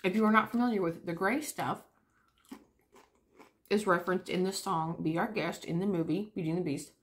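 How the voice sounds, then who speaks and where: Young woman, lower pitch, relaxed vlog chatter between bites. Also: normal speed. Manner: chatty, talks while eating. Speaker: vlogger. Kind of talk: casual chat.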